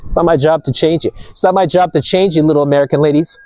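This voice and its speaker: A man vlogging outdoors near the ocean, ranting casually to his viewers in a preachy, animated way. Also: a little high, quick pace, no echo, poor audio. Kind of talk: casual outdoor rant to camera.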